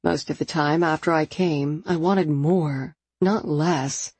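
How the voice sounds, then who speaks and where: A woman narrating a first-person romance novel in an intimate, expressive storytelling manner. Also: low-pitched, slow, slightly rough, no room sound. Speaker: audiobook narrator.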